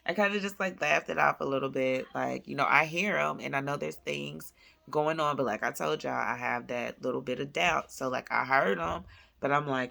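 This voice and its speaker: A woman, chatting with viewers at home in a casual faith-based vlog, animated and calling them y'all. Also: very deep voice, moderate pace, gravelly. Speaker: vlogger, mother. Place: at home, indoors.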